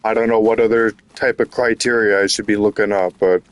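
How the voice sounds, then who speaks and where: A man's voice: fairly low pitch, steady tone, brisk, dry recording. A man giving casual commentary while playing a video game, frustrated, rambling and swearing. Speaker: gaming YouTuber.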